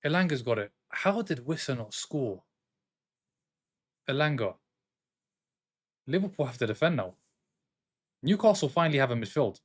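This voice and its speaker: A man hosting a live football watchalong, reacting to the match and arguing with his chat in an excitable way. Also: mid-range voice, normal speed, pauses often. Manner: excitable, jumps between commentary and arguing with chat.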